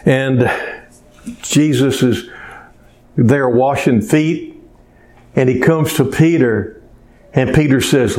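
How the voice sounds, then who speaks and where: A man's voice: medium pitch, slow, long pauses, darkish tone. A male pastor preaching a folksy, conversational sermon full of rhetorical questions to his congregation.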